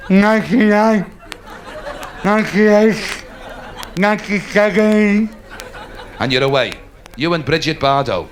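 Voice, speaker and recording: A man doing a live stand-up comedy routine, telling stories animatedly and dropping into quick put-on voices. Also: fairly high pitch, fairly bright tone, a little hiss or hum. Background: audience laughter.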